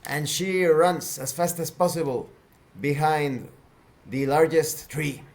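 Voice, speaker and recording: A man narrating a tabletop game as game master, slow and deliberate. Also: fairly high pitch, gravelly, darkish tone.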